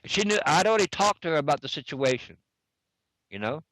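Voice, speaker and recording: A man's voice: on the high side, lively intonation, fairly quick, a bit bright, dry recording, poor audio. Middle-aged man retelling a chat, dry. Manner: repetitive, reads back messages with constant "I said". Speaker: online game player recounting a dispute. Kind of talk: casual spoken retelling of a chat.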